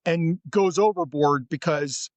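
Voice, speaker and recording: Higher-voiced male podcast host. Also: dry recording. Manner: chatty, leading questions, quick interjections. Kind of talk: casual conversational interview.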